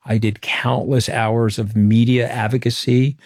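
This time the Long Island guest, a middle-aged former political communications director, speaks in a mid-range voice with little pitch movement, unhurried and a little mellow. He shares frank, emphatic anecdotes, and the studio-quality recording has no room sound.

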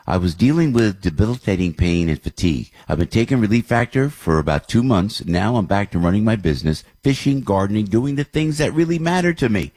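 A man's voice: lowish voice, darkish tone, slightly rough, no room sound. A talk radio host, an older man, chatting in a rambling, upbeat way full of fillers and restarts. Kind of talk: casual radio talk and live ad read.

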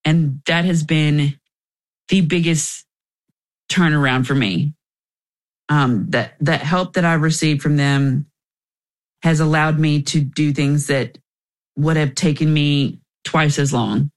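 A woman's voice: low voice, fairly even intonation, takes it slowly, pauses often. Candid young woman telling her story. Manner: candid, emotional, with restarts. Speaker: guest. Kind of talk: personal story in an interview.

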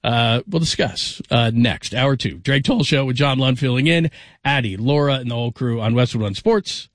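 A man's voice: mid-range voice, normal speed, no echo, studio quality. Joking, rambling male radio host. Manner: joking, rambling storyteller with frequent restarts. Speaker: sports radio fill-in host. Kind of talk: casual sports radio chat.

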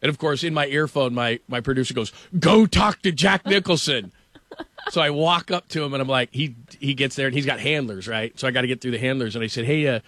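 A man's voice: mid-range voice, steady tone, quick pace, sharp tone, dry recording. A man hosting sports talk radio, telling a story in a rambling, casual way, laughing often and filling with "like".

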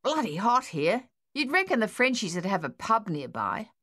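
A woman's voice: mid-range voice, big pitch swings, normal speed, sharp tone, dry recording, studio quality, pitched above the performer's own voice. A woman voicing a brash, rowdy male Australian soldier with a drawling Australian accent in an audiobook. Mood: cheeky. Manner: drawling, cheeky.

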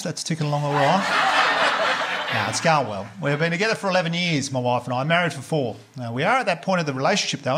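An Australian man doing a stand-up comedy set, telling crude stories in a deadpan way and quoting other people's voices. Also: a little high, heavy background noise. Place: comedy club stage before a live audience. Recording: live stage mic, loud crowd laughter. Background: audience laughter.

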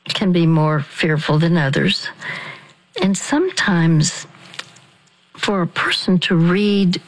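A woman hosting a radio ministry program, teaching a devotional practice in a slow, halting way with frequent restarts. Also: fairly low pitch, expressive, low-quality recording.

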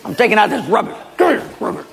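A man's voice: high-pitched, sing-song, fast talker, vocal fry, husky, voice pushed up, heavily acted. A man voicing a bickering husband and wife in an exaggerated comic skit. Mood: grudging. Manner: exaggerated, squabbling. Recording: long reverb of a large hall.

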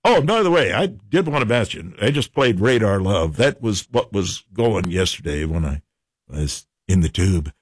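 A man's voice: lowish voice, very animated, normal speed, slightly rough, no echo, studio quality. Jokey rambling male radio host. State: hiccups. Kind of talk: casual radio show chat.

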